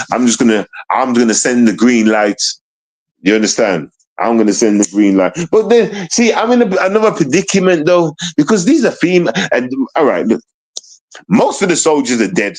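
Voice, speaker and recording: A man's voice: medium pitch, poor audio. A man ranting on a livestream, repeating himself, swearing and asking over and over whether listeners understand. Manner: repetitive, emphatic, keeps asking "you understand?"; profane and heated. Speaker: streamer. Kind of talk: livestream rant.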